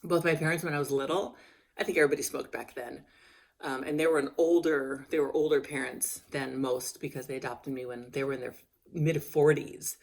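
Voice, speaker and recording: A woman in her fifties, hoarse and losing her voice, chatting casually and rambling in her video diary with frequent laughs. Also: low-pitched, steady tone, brisk. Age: 50s. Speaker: vlogger. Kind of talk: casual chat.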